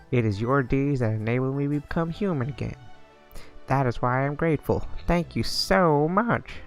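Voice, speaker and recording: A man's voice: mid-range voice, fairly bright tone, pitched above the performer's own voice, lightly acted. A man voicing a formal, grateful male royal envoy in a put-on Southern US accent, reading the lines with stiff formality.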